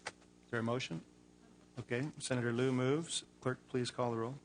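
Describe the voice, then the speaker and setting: A man chairs a committee hearing in a relaxed way, dropping light jokes between the procedure. His voice is mid-pitch for a man, with faint room noise in the hearing room behind him. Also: normal speed.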